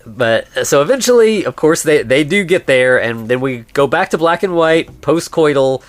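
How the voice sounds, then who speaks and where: A man's voice: fairly high pitch, animated, moderate pace, dry recording. A man co-hosting a podcast, casually recapping a film and acting out the characters' lines. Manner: acts out characters' lines while retelling the plot. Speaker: podcast co-host.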